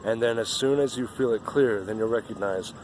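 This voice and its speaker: A man's voice: mid-range voice, fairly quick, noisy background. A man giving an earnest, rambling spiritual monologue outdoors, often repeating himself.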